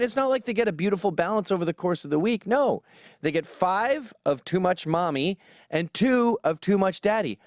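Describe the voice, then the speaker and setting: A man's voice: on the high side, no room sound, studio quality. A man giving a sarcastic, ranting comedic commentary, mocking as he goes. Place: New York.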